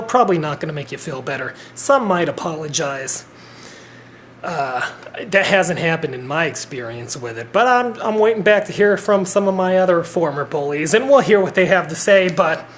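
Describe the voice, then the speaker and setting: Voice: medium pitch, a bit bright, slight background noise. A vlogger in their thirties talking straight to a home camera in an earnest, rambling way, with blunt swearing. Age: 30s. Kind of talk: personal vlog monologue.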